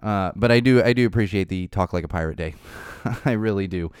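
A young man riffing on his podcast in a smooth, resonant voice. He rambles from topic to topic with a wry, animated manner and drops in casual swearing, recorded close and dry with no room sound. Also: sits low, a little fast, dry recording. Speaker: podcast host.

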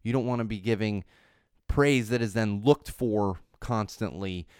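An unhurried, darkish, clear, resonant low voice belongs to a parenting podcast host in his thirties, recorded studio-quality with no room sound. Talking casually on his own, he repeats himself emphatically and leans on fillers and restarts.

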